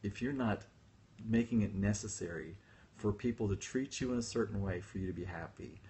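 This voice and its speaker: A man's voice: on the low side, a little fast, dark tone, a little hiss or hum. A man hosting a casual livestream talk as a spiritual teacher, chatty and self-deprecating, laughing often as he tells stories. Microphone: phone livestream.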